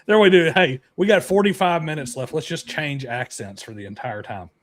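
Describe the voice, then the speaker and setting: Podcast host: relaxed man, slightly higher voice, casual chat. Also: moderate pace.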